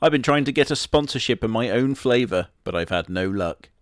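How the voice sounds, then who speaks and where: A man's voice: mid-range voice, expressive, a little fast, no room sound, close to an everyday voice. A man playing a boastful immortal wolf, speaking with a Southwest English accent in a dry, matter-of-fact way. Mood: deadpan. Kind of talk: comedy sketch character monologue.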